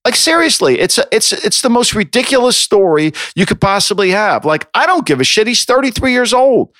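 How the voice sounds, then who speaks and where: A man's voice: high-pitched, very animated, a little fast, a bit bright, dry recording, studio quality. A man co-hosting a sports podcast, ranting with exasperation and swearing freely. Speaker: podcast co-host. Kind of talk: heated sports opinion talk.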